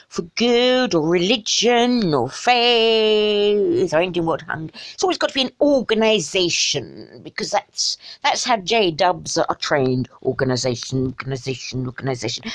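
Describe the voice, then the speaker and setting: Woman, sarcastic rant commentary, exasperated, muttered asides, lively fairly high voice. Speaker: video blogger.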